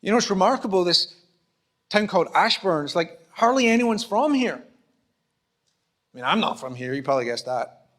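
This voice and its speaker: A man's voice: high voice, lively intonation, moderate pace, long pauses, a bit bright. A pastor from Scotland with a Scottish accent, preaching in a conversational way, acting out little exchanges and joking at his own expense. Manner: conversational, acts out small dialogues, self-deprecating humour. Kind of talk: sermon. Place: church auditorium.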